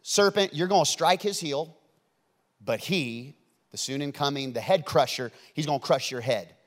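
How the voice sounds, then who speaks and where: A man voicing God in a sermon, calling out gently yet firmly, pitched a little above his usual voice. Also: normal speed, natural voice.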